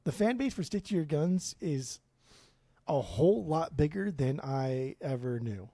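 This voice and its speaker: A man's voice: fairly high pitch, animated, a little slow, background noise. A man co-hosting a casual music podcast, rambling through blunt, profane opinions. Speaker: podcast co-host.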